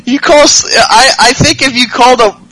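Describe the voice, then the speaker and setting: Male podcast host, casual wrestling chat, swears a lot, high voice, bright tone. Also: normal speed, no echo, poor audio. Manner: profane, laughs often.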